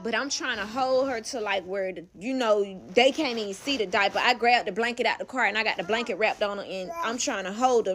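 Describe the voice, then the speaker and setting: A woman's voice: fairly high pitch, a bit bright. A young woman telling a personal story in a casual vlog, candid and profane, calling the listener "baby".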